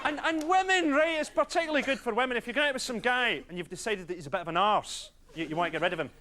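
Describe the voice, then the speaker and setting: Guy doing stand-up, really high lively voice, old tv recording with loud hiss. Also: rapid-fire. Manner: animated, conspiratorial, bursts into loud quoted cries. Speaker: stand-up comedian. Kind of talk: stand-up routine. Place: comedy club stage with audience.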